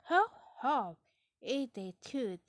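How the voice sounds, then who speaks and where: A woman's voice: high-pitched, very animated, a little slow, no echo, studio quality, pitched above the performer's own voice, heavily acted. Woman voicing a jolly, chuckling father pig. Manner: hearty, laughing delivery.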